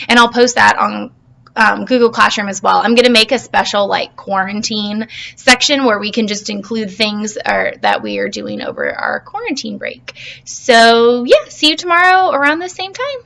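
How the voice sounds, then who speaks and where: A woman's voice: a little high, pushed and bright. Playful woman teacher reading to her class. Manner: playful, asks the class questions. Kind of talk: reading a storybook to a class by video.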